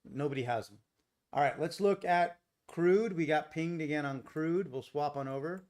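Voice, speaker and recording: A man's voice: on the high side, normal speed, darkish tone. A man hosting a live trading stream, talking casually and answering viewers from the chat by name. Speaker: day trading livestream host. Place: home in Costa Rica. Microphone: desk mic without boom arm.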